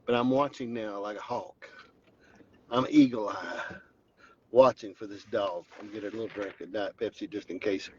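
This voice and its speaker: A man's voice: lowish voice, fairly even intonation, normal speed, highs cut off, background noise. A man vlogging from his truck on the drive home, telling an exaggerated mock-dramatic story in a Southern Appalachian accent. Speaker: vlogger host. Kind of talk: joking storytelling vlog.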